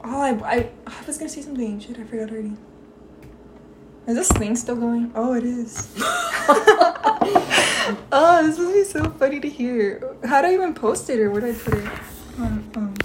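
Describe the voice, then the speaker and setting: Chatty young woman with a fairly high voice. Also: expressive, normal speed, long pauses. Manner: chatty, giggly, full of "like" fillers. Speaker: podcast co-host. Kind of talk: casual chat. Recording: echoey room with faint noise.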